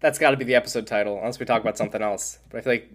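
A young man co-hosting a podcast, telling stories in an animated way and jumping between topics in casual chat. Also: mid-range voice, racing. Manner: animated storyteller, jumps topics. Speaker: podcast co-host.

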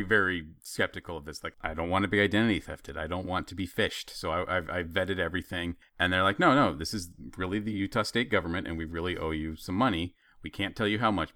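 A man's voice: sits low, pushed and bright, dry recording, studio quality. A man in his thirties telling a story in casual chat, acting out the quoted lines with animation.

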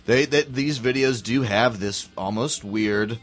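A man's voice: mid-range voice, measured pace, faint music behind. A man with a Southern US accent co-hosting a podcast, rambling and restarting sentences with a chuckle. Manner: rambling, self-interrupting, chuckling. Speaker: podcast co-host. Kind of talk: casual chat.

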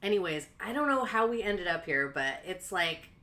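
A woman on a podcast, telling a story with lots of laughs and high-pitched quoted voices. Her voice sits a little low for a woman but sounds bright and forward. She talks in a loose, chatty way, full of "like" fillers. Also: sing-song, moderate pace. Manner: frequent "like" fillers. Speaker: podcast co-host. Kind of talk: casual storytelling chat.

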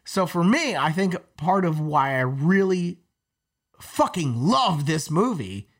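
A man's voice: on the high side, very animated, slow pace. A man co-hosting a podcast, chatting casually with a rambling, profane manner full of fillers and restarts. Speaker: podcast co-host. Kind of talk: casual chat.

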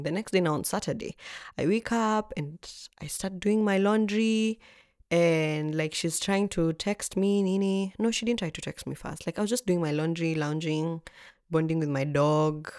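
A young woman tells her own story with lively, swinging emphasis and frequent swearing. Her speaking voice sits fairly low. The sound is close and dry, with no room echo. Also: normal speed. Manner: animated, expressive, swears freely. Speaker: vlogger. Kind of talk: storytelling chat.

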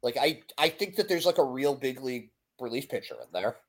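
A man hosting a casual sports podcast, talking in an animated, rambling way. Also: medium pitch, fairly quick. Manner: animated, rambling, self-deprecating. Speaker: podcast host.

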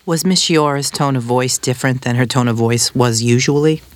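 A formal prosecutor, played by a man, questions a witness in a mid-range, measured voice. The recording is dry and close, with no room sound. Each question comes out deliberate and careful. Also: medium pitch, no room sound, close to an everyday voice. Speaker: prosecutor in a courtroom reenactment. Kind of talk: scripted reading of court questioning.

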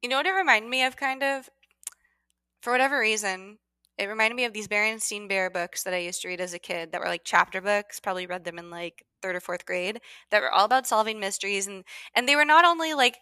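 A podcast co-host, a woman with a bright, clear voice and a wry, chatty way of talking. She leans on "like" constantly as she riffs. The sound is dry and close, with no room around it. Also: medium pitch, fast, dry recording. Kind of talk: casual chat.

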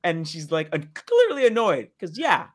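A man co-hosting a casual chat show, telling stories in an animated way and acting out what people said. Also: high voice, moderate pace. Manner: animated storyteller, acts out quotes. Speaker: podcast co-host.

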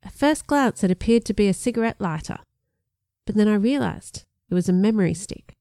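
A woman reading a first-person story aloud, expressive and lively in her narration. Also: a little fast, no room sound, clean studio sound. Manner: expressive, lifts pitch for dialogue. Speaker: audiobook narrator.

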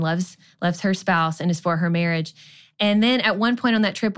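A woman co-hosting a marriage podcast, telling a personal story in an earnest, conversational way. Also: mid-range voice. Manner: earnest storytelling with quoted voices. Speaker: podcast co-host. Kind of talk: casual conversation.

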